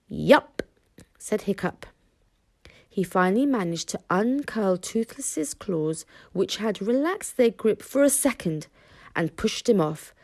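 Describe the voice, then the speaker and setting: A woman reading a children's book aloud in an expressive storytelling manner. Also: mid-range voice, no room sound, clean studio sound. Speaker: reader. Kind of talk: children's audiobook narration.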